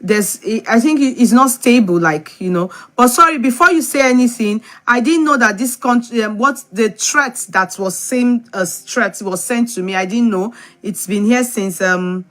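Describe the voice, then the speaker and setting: A woman's voice: on the high side, moderate pace, few pauses, a bit bright. A woman hosting a talk show discussion, reading a letter aloud with laughs between. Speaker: show host.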